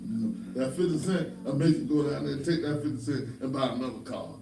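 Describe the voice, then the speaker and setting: A man's voice: on the high side, normal speed, creaky, heavy background noise. An older man, a pastor, preaching a folksy sermon full of humorous stories and stern warnings. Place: church. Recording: roomy church sound from far off.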